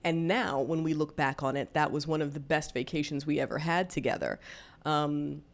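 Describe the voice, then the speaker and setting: A woman in her forties tells a personal story with a low, deep-set voice. She talks candidly and conversationally, with plenty of fillers along the way. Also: moderate pace. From Deep South, US. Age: 40s. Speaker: vlogger.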